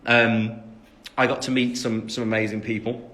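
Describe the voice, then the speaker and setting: An English man in his twenties answers fans on a casual phone livestream in a medium-pitched, slightly bright voice with little pitch movement and a moderate pace. He rambles with lots of fillers, laughing at himself as he jokes.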